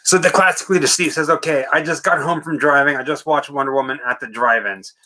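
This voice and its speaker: A man with a bright, forward voice pitched a little high talks casually on a live stream. He co-hosts a late-night movie watch party, reading out viewer comments and answering them in a relaxed, easygoing way. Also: fast.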